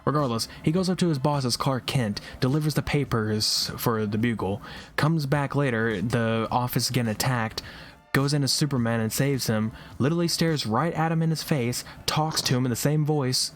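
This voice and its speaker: A man co-hosting a casual podcast chat, rambling and animated and laughing often. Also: medium pitch, moderate pace. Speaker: podcast co-host.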